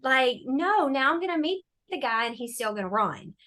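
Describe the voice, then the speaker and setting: A woman with a somewhat high, very bright voice tells a story as a podcast guest. She is animated and sarcastic and laughs freely. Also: normal speed. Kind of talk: casual storytelling chat.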